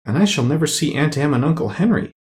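A man's voice: a little high, animated, fast, darkish tone, voice pushed up, natural voice. A man doing an earnest little girl. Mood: plaintive. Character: young girl, gentle and earnest.

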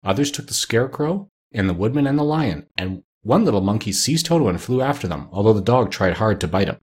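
Man, narrator, storybook reading, husky, lowish voice, steady. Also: a little fast.

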